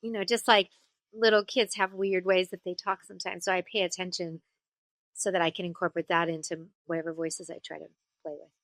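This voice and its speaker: A woman who works as a voice actor and singer chats as a guest in a casual interview, telling stories animatedly and slipping into character voices. Her pitch is fairly low, she speaks briskly, and there is no room sound.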